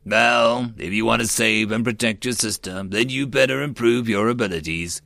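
A man voicing a grave, weary older male magister in an audiobook, speaking in a measured, slow way. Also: medium pitch, creaky, bright, forceful tone. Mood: gentle.

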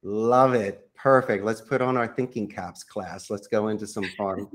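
A man who runs a call center, a guest on a podcast, coaching listeners on phone sales with lively acted-out sample calls. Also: on the low side, normal speed. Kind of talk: podcast interview, coaching monologue.

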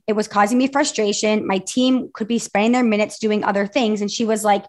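A woman's voice: medium pitch, fairly quick, hardly any pauses. Chatty woman in her forties, podcast guest. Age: 40s. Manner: open, chatty, retells conversations. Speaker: podcast guest, business mentor. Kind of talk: casual interview chat.

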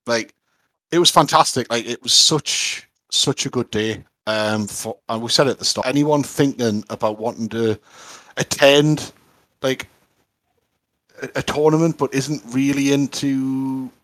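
A man's voice: mid-range voice, measured pace, a bit bright, dry recording. A man, co-hosting a podcast in enthusiastic casual chat, with lots of fillers. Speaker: podcast co-host.

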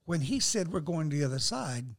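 Gravelly, animated older man. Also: fairly high pitch, a little fast. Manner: earnest, animated, quotes scripture. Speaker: guest. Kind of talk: faith talk-show conversation.

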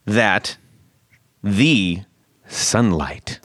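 A man's voice: on the low side, animated, extremely slow, fairly bright tone, dry recording, studio quality. A man hosting a podcast in casual chat, joking and rambling, often laughing. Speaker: podcast host.

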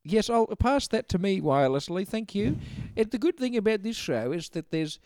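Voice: mid-range voice, very animated, normal speed, darkish tone, no echo. Playful comedy podcast co-host. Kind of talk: improvised comedy radio bit.

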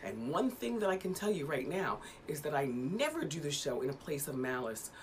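A woman in her fifties, a talk show host making a measured, self-assured statement to her viewers. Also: sits low, big pitch swings, slight background noise. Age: 50s.

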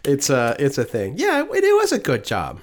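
A man's voice: medium pitch, background noise. Chatty podcast guy, voice jumps all over, laughs a lot. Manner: animated, joking, quick to laugh. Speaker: podcast co-host. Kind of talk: casual chat.

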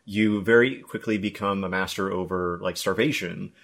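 A man's voice: deep voice, fairly even intonation, moderate pace, creaky, a bit bright. A man co-hosting a gaming podcast, talking in a rambling, hesitant way with many fillers. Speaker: podcast co-host. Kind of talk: casual gaming podcast chat.

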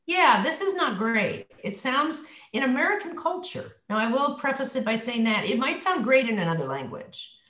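A woman's voice: high voice, sing-song, a little fast, few pauses, fairly bright tone, echoey room. A woman voice coach leading a coaching session, demonstrating her points with her voice. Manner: demonstrative, shifts her voice to show examples. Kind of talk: coaching session on a video call.

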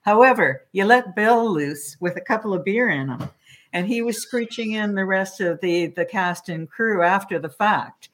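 A woman talking as an interview guest, chatty and lively as she tells stories. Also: medium pitch, normal speed. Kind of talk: casual interview chat.

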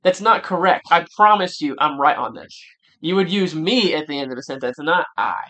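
A young man with a fairly high-pitched voice hosts a casual sports podcast. He argues his point over and over with insistent energy. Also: expressive, moderate pace, sharp tone. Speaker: podcast host.

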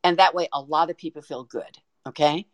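A woman guest on a podcast, telling a story in an excited, animated way with frequent restarts. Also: deep voice, brisk, dry recording. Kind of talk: casual storytelling.

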